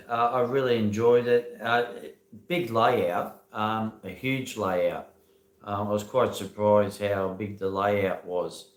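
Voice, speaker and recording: A man's voice: on the low side, roomy sound. An Australian man hosting a casual live stream, rambling with many ums and uhs and greeting viewers by name as he talks into a phone.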